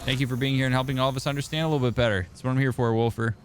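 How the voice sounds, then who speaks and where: A man's voice: mid-range voice, steady tone, rapid-fire, noisy background. A young man, a therapist streaming a game, chatting casually and answering viewers by name. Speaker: therapist streamer reading chat. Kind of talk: casual gaming stream chat.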